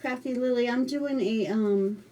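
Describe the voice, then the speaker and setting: A middle-aged American woman chats through a craft livestream in a relaxed, rambling way, full of fillers and restarts. Her voice is mellow and soft-edged. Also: fairly high pitch, measured pace. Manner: chatty, rambling storytelling with many fillers. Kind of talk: casual livestream chat.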